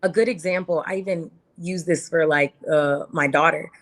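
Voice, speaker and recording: A woman's voice: deep voice, fairly even intonation, normal speed. A woman guest talking candidly in an interview, earnest and heartfelt, repeating phrases for emphasis. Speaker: podcast guest.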